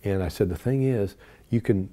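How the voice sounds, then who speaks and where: Warm, low-voiced older man recounting memories. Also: normal speed. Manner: earnest, animated when quoting dialogue. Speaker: interview guest. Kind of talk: personal storytelling.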